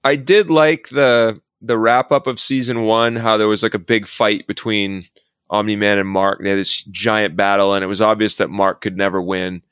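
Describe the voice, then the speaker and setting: A man's voice: fairly low pitch, fairly even intonation, moderate pace, a bit bright, clean tone, no room sound, studio quality. A man in casual podcast chat who acts out quoted lines as he retells scenes. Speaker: podcast co-host.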